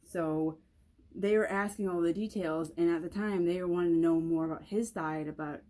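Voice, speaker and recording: A woman's voice: fairly low pitch, fairly even intonation, moderate pace, warm tone. A young woman telling a casual storytime vlog, rambling with lots of "like" and restarts. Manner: rambling, many "like" fillers and restarts. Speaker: vlogger.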